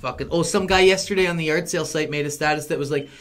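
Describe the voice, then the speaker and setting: A man in his thirties chatting casually and telling stories, acting out quotes loudly. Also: a little high, quick pace. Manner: animated storyteller, acts out quotes loudly. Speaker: podcast host. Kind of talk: casual chat.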